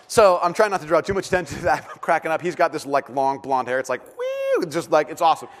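A thirty-something pastor delivers a sermon built around a lively family anecdote, frequently breaking into laughter. He speaks fast in a slightly high voice.

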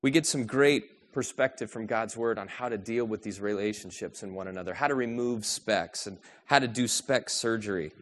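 A man preaching a sermon, asking rhetorical questions and moving between a soft, low delivery and a raised, urgent one. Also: moderate pace, few pauses, slight background noise. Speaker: pastor.

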